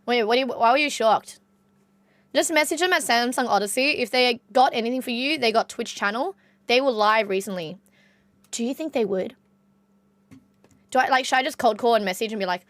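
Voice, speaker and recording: A young woman with a broad Australian accent chats casually with her live-stream viewers. Her voice sits a little high. She swears now and then, and the sound is dry and close, with no room echo. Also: fairly quick, pauses often, a bit bright. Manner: chatty, swears casually, reads chat aloud.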